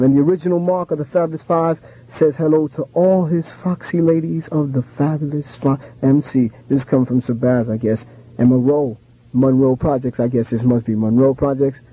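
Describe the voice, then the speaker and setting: Dj guy reading shoutouts on old lo-fi radio, real dark mellow voice, mid pitch. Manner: rattles off names in a steady list. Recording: dull lo-fi radio recording.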